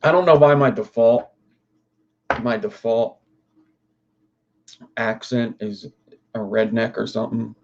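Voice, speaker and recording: A young man rambles through a casual livestream, reacting to chat. He swears freely and wanders between topics. His voice sits at a middle pitch. The audio is dull and lo-fi. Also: fairly even intonation, slow pace, creaky, pauses often, a little mellow. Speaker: livestream host.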